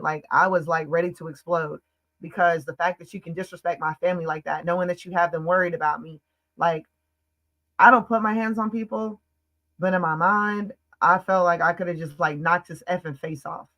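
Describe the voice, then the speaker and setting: A woman from the United States recounts a personal story on a podcast. Her voice is bright and forceful, with casual, emphatic, run-on phrasing full of "like" fillers. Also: lowish voice, fairly even intonation, poor audio. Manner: emphatic, fast-flowing, frequent "like" fillers. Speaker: podcast guest.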